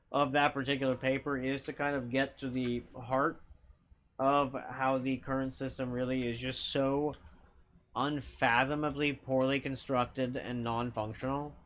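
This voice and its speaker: A man's voice: medium pitch, little pitch movement, moderate pace, fairly bright tone. A man streaming live, chatting casually and reacting to chat, rambling and swearing freely.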